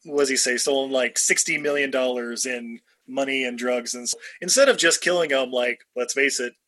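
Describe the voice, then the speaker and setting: A man's voice: medium pitch, fairly even intonation, normal speed, sharp tone. A man co-hosting a casual movie podcast, joking, rambling and laughing often. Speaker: podcast co-host. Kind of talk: casual movie-review chat.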